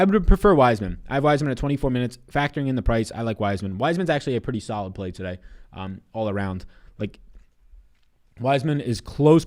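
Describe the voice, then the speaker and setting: A man's voice: on the low side, a little mellow. A man in his twenties on a casual live stream, giving fantasy basketball picks and answering chat in a loose, profane way. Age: 20s.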